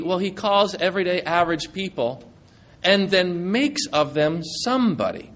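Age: adult. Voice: a folksy, conversational male preacher, slightly high-pitched. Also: lively intonation, unhurried, a bit bright. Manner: conversational, folksy plain talk. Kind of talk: sermon.

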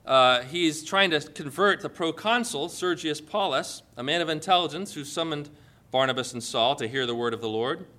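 Bright, high-voiced man preaching boldly. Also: moderate pace. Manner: bold, emphatic preaching with sarcastic asides. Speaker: pastor. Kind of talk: sermon.

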